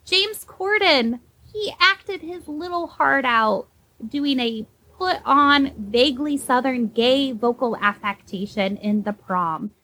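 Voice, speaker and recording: A young woman talks through a casual podcast discussion, slightly high-pitched. She is animated and sarcastic, leaping upward in pitch whenever she mocks someone. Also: takes it slowly, poor audio. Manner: animated, sarcastic, with pitch jumps when mocking. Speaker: podcast co-host.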